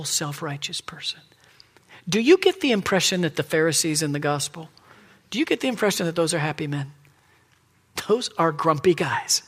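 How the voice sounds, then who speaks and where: A preacher delivering a confessional sermon, swinging between loud emphatic points and soft, near-whispered asides. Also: medium pitch.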